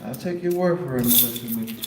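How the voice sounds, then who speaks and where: A man's voice: mid-range voice, fast talker, heavy background noise. A man from New York City with a New York accent, chatting casually on a live stream, joking in slang and repeating his lines.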